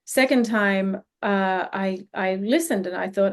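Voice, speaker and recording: A woman's voice: medium pitch, measured pace. A woman, a healing practitioner guest, telling a personal story in an interview in an earnest, reflective way. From Australia.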